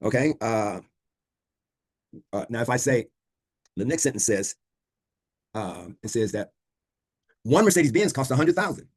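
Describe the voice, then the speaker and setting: A man's voice: medium pitch, lively intonation, measured pace, pauses often, breathy edge. A man teaching a law class over a video call, quizzing students and repeating key points. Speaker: law instructor. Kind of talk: online class lecture.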